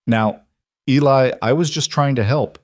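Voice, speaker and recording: Performing a hesitant, placating middle-aged farmer on edge, a man raises his pitch a bit above his own yet keeps it natural. The medium-pitched voice moves a little slowly, recorded dry with clean studio sound.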